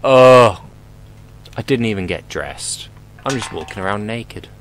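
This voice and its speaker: A man's voice: on the low side, lively intonation, unhurried, noisy background. A young man commentating his horror gameplay, rambling and joking, swearing often and talking back to the game.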